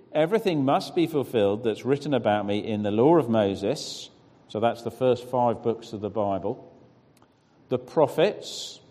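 A man's voice: medium pitch, warm tone. A preacher reading scripture aloud, then teaching by putting questions to his listeners and praising their answers. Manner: questioning the audience, encouraging. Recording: long reverb of a large hall.

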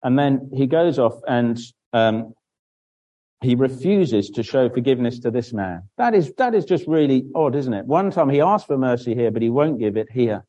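A man with a mellow, dark-toned voice gives a children's Bible talk in church. He keeps the explanation simple, asks the children questions and answers them himself, and often restarts his sentences while he draws. His pitch sits in an ordinary middle range for a man. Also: expressive, moderate pace, muffled recording. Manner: draws on a board while speaking, with frequent restarts.

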